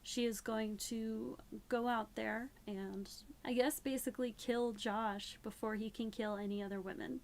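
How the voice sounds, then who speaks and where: A woman's voice: a little high, steady tone, measured pace, hardly any pauses. A young woman recapping a book in a casual, sarcastic, rambling way, a bit tipsy. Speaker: book reviewer. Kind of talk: casual spoken book review.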